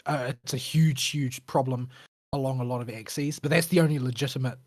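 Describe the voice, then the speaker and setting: A man's voice: medium pitch, steady tone, fairly quick, no echo, clean studio sound. A man co-hosting a casual gaming chat show, blunt and opinionated, often hesitating with fillers. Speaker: podcast co-host.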